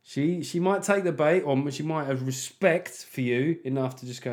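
A man's voice: on the high side, normal speed, few pauses. A man hosting a podcast, delivering a casual comic monologue that rambles and is full of swearing. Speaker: podcast host.

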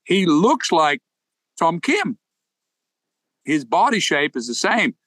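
A man's voice: on the high side, sing-song, takes it slowly, a bit bright, no echo, rough recording. A man co-hosting a golf podcast, chatting casually in a playful, storytelling way with frequent restarts. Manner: storytelling, playful, self-interrupting. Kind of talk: casual chat.

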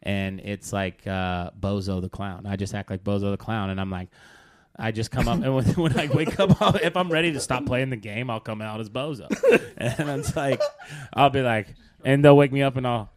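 A man's voice: on the low side, fairly quick. A man from Texas, a DJ and comedian, telling stories with lots of laughter as a podcast guest. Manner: lively storyteller who laughs often. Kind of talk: casual chat, storytelling.

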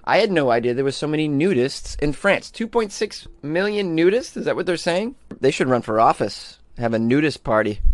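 A man hosts a weird news show and reads each strange story before cracking jokes about it. He delivers it in an animated, laughing way and sits at a medium pitch. The sound is dry and close, with no room echo. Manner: animated, jokey, laughs at his own lines. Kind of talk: comedic news commentary.

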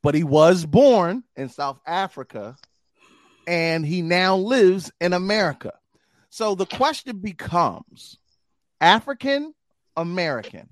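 A young adult man hosting a podcast in casual chat, animated and hype with plenty of slang. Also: sits high, a little slow, long pauses, no room sound. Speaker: podcast host.

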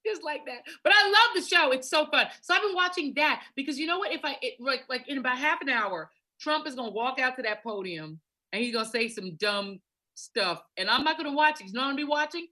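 Bright, high-voiced emphatic woman. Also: expressive, fast talker. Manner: emphatic, insistent, laughs often. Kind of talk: casual chat.

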